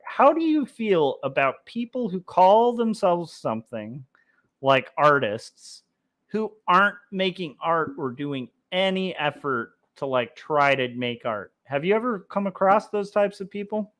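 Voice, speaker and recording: A man's voice: a little high, sing-song, a little slow, fairly bright tone. A man hosting a livestream while he draws comics, chatting casually and reading out chat messages, rambling with many fillers and restarts. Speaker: livestream host drawing comics.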